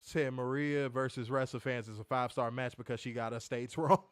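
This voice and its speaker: A man's voice: mid-range voice, a little fast, clean tone, no echo, studio quality. A man hosting a wrestling review show, talking in casual, profane banter and telling stories with mocking impressions. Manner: animated, mocking, lively storytelling with impressions.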